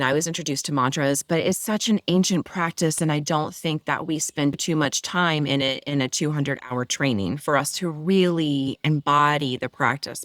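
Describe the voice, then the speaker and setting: A woman with a mid-low, even voice talks as a guest yoga mentor, her explanations flowing and eager. The sound is dry and close, with no room around it. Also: no room sound. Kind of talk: interview conversation.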